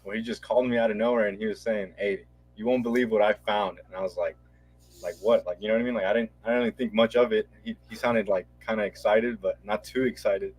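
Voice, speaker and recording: A man as a guest, telling a story in a quick, rambling way. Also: fairly low pitch, steady tone, a little mellow, husky, dry recording. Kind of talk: casual chat.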